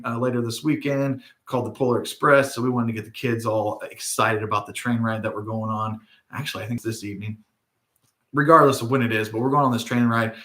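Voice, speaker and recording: A middle-aged man hosts a spiritual video, rambling casually through a digressive story and often checking in with tag questions like "right?" His mid-range voice is bright with a forceful tone. The recording has a roomy echo.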